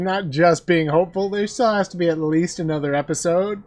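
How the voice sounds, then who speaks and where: A man giving a casual anime episode recap, talking like an excited fan, chuckling often and acting out quotes. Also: sits high, fairly quick, few pauses, faint music behind. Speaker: anime reviewer.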